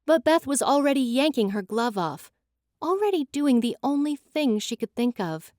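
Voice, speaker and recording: A woman giving an expressive, dramatic scripted narration of a fantasy audiobook. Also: high voice, normal speed, no echo, studio quality.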